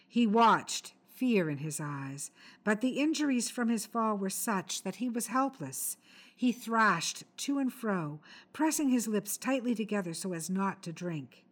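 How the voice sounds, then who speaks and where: A woman reading a short story aloud in a measured, expressive storytelling manner. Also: medium pitch. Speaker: story reader. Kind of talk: scripted narration.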